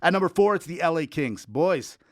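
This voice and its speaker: A man's voice: a little high, fairly quick, no room sound, clean studio sound. A man co-hosting a sports podcast, joking and ranting in casual banter. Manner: animated, joking, riffs and rants. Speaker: podcast co-host.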